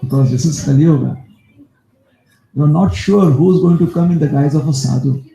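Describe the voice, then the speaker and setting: Male preacher, gravelly, very dark tone, animated storytelling sermon, echoey temple hall. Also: a little high, fairly quick. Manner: animated storyteller with asides to the audience. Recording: echoey room.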